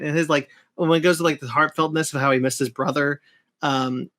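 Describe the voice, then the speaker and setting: A man's voice: on the high side, steady tone, brisk, a bit bright. A man co-hosting a casual podcast, gushing about favorite characters and mimicking their lines. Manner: fannish, quotes characters with mimicry. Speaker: podcast co-host.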